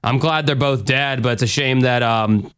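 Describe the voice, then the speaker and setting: A man's voice: medium pitch, normal speed, a bit bright, smooth, no room sound. Rambling, cursing podcast host man. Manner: rambling, profane, full of fillers. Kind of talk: casual chat.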